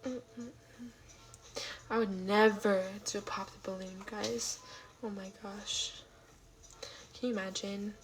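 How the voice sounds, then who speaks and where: A woman chatting casually on a late-night livestream from home, with a gravelly, fry-laden voice at an ordinary pitch. She rambles, fills gaps with "um" and "like", and answers her chat, slipping at times into soft half-whispered asides. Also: steady tone, slow, pauses often, soft background music, rough recording. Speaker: livestream host.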